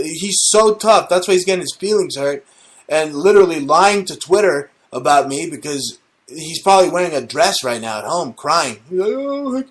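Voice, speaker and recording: A male comedy show host delivering a profane, rambling, mock-conspiratorial satirical rant. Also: medium pitch.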